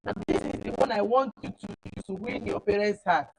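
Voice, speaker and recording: A woman teaching a class of children, animated and repeating words for emphasis. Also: mid-range voice, brisk, vocal fry, rough recording. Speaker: camp teacher.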